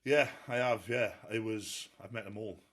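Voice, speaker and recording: A man's voice: on the low side, steady tone, normal speed, fairly bright tone. A Welsh man telling stories in a casual interview, laughing and swearing freely. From Wales. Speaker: guest strongman athlete.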